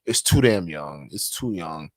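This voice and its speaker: A man's voice: deep voice, animated, a little slow, no room sound, studio quality. A man chatting casually on a stream, reading viewer comments and answering with loose slang, laughter and frequent restarts. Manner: slangy, laughing, repeats himself.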